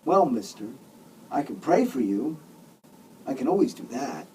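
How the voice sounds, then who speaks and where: A man's voice: medium pitch, very animated, unhurried, a little mellow, recorded from a distance, a little hiss or hum, poor audio. A man voicing a remorseful bearded man who blubbers apologies and earnest prayers. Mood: pleading. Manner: weepy, apologetic, earnest praying.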